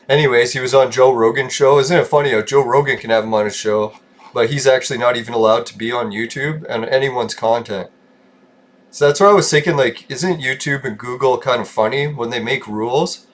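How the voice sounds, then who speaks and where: A man's voice: mid-range voice, normal speed. A young man rambling casually as a gaming streamer, with a mumbling voice, self-mocking asides and frequent chuckles. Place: home room with painted walls.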